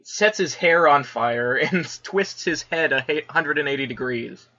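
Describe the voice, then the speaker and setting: A man's voice: a little high, a little slow, bright, forceful tone, dull audio. A man co-hosting a casual comic review, laid-back and full of fillers like "like" and "you know.". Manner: laid-back, lots of "like" fillers, laughs often. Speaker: podcast co-host.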